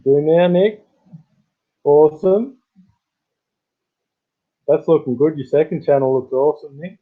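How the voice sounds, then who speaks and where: An Australian man hosting a casual live stream, rambling and greeting chat viewers in sudden high bursts. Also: a little slow. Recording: tinny phone-like sound.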